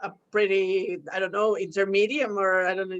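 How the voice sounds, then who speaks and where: A woman's voice: medium pitch, little pitch movement, normal speed, dull audio. Bubbly woman hosting a podcast. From Mexico. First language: Spanish. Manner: bubbly, chatty, giggly. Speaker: podcast host. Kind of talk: casual interview chat.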